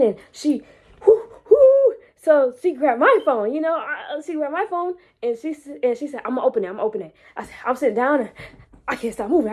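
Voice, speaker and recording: A young woman vlogging, telling a personal story casually and animatedly, repeating words and growing loud when excited. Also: sits high. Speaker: vlogger and entrepreneur.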